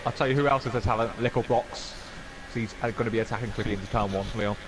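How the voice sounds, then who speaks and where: A man's voice: on the low side, steady tone, fast. A man commentating an online racing game, enthusiastic and playful as he talks up the drivers. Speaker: lead commentator. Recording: clear background noise.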